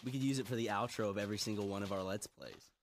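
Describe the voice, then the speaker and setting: A man's voice: on the low side, very fast, a little hiss or hum. A man in his twenties chatting casually as a co-host, joking and laughing often. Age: 20s. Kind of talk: casual chat.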